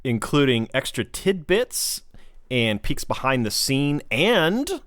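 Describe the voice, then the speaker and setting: A man's voice: mid-range voice, sing-song, slow, fairly bright tone, no echo, studio quality. A man hosting a podcast in casual chat, talkative and laughing easily. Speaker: podcast host.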